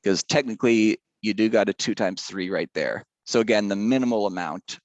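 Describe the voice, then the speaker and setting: A man's voice: fairly low pitch, normal speed, a little mellow, no echo, highs cut off. A male teacher giving a casual math lesson, chatty and rambling, drifting into side stories.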